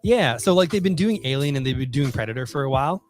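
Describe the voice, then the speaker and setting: A man's voice: mid-range voice, lively intonation, fast, soft background music. A man co-hosting a casual podcast about comics, rambling with lots of fillers and frequent laughter. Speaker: podcast co-host.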